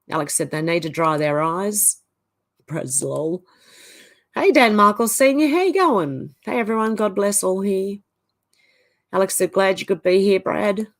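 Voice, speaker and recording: With a low voice and an Australian accent, a woman hosting a livestream reads viewers' comments aloud and chats back to them casually.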